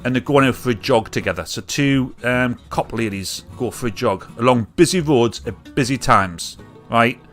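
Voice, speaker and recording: A British man hosting a live comedy stream, ranting casually with jokes and loud mimicked honks. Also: mid-range voice, normal speed, soft background music. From United Kingdom. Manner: chatty, jokey, mimics catcallers with loud honks and whoops. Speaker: livestream comedy show host.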